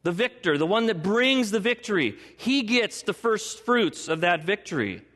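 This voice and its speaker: A man's voice: big pitch swings, moderate pace, a bit bright. Man preaching in an echoing hall. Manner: dramatic, acts out voices of biblical figures with rising pitch. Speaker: pastor. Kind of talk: sermon. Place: church sanctuary. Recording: long reverb of a large hall.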